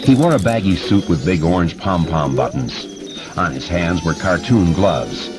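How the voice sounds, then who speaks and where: Deep-voiced man narrating a horror audiobook. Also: lively intonation, normal speed. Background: music.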